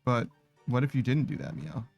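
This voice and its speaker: A tired man live-streams in a steady mid-range voice at a moderate pace, a little mellow with vocal fry, over soft background music. Laid-back, he reads out viewer messages, ends nearly every sentence with "meow," and laughs and swears often.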